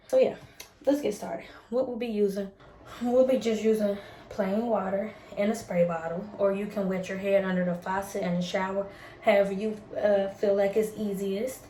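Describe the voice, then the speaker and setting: Woman, chatty vlogger, mellow tone, echoey home room. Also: medium pitch, fairly even intonation, moderate pace, a little hiss or hum. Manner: chatty and upbeat, uses Southern US slang. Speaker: beauty vlogger. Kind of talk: casual chat with devotional talk. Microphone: ring light setup at home.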